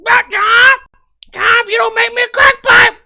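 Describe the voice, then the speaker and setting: A man voicing a frantic, shrill woman desperate for crack, whining and shrieking demands. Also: fairly even intonation, moderate pace, sharp tone, shouting, heavily acted.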